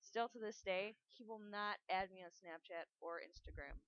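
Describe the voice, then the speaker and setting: A woman's voice: medium pitch, normal speed, crowd noise. A young adult woman in casual chat, telling a story bluntly with swearing and acted-out quotes. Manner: blunt, swears, animated retelling. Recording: dull lo-fi dry recording.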